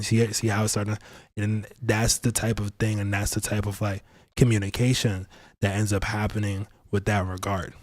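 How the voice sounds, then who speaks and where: A man's voice: on the low side, flat delivery, moderate pace, darkish tone. A man casually talking through a livestream tarot reading, playful and slangy, breaking off to laugh and greet viewers. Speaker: astrology and tarot streamer.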